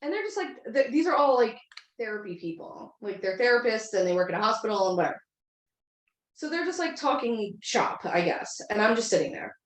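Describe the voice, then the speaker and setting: A woman in her thirties spins a long, casual story, circling back with plenty of filler words. Her voice sits on the higher side. The room has a noticeable echo. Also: big pitch swings, a little fast. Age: 30s. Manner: rambling, full of "like" fillers. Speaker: podcast co-host. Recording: echoey room.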